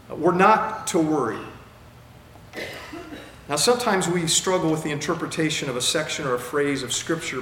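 A male pastor preaching a sermon in an emphatic way, repeating key phrases for effect. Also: on the high side. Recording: echoey room with faint background hiss.

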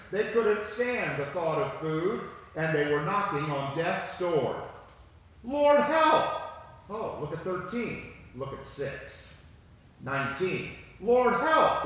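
A man preaching a sermon and reading scripture aloud, slow and emphatic, repeating key phrases. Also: high-pitched, a bit bright, a little hiss or hum. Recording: echoey hall with long reverb.

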